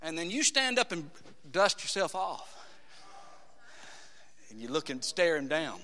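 A man preaching a dramatic sermon in a church, acting out voices and swinging between hushed tones and shouts. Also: a little high, very animated, measured pace, in a large hall. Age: 30s.

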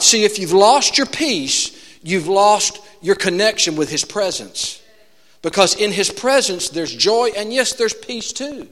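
High, bright-voiced man preaching. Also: in a large hall. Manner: animated preaching, shifting from loud exclamations to hushed asides. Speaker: pastor. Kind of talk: sermon. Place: church.

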